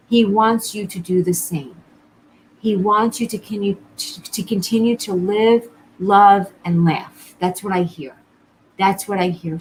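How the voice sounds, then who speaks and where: A woman's voice: medium pitch, a little hiss or hum, low-quality recording. A woman psychic medium doing a live-streamed reading, talking to viewers in an earnest, reassuring way and often repeating herself.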